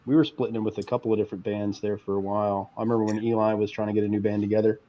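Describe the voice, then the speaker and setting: A man's voice: on the low side, level tone, racing, dull audio, slight background noise. A man playing guitar in a band, telling studio stories in a joking, boastful way during a casual chat.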